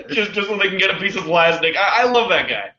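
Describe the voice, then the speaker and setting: A man's voice: high voice, expressive, fairly quick, echoey room, crowd noise. A man co-hosting a casual gaming chat, laid-back and wry. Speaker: podcast co-host. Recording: dull lo-fi audio.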